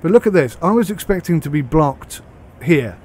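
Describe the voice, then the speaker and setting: A man's voice: a little high, animated, normal speed, darkish tone, husky. Chatty British man reviewing a game. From United Kingdom. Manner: chatty, rambling, thinking aloud. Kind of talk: casual gameplay commentary.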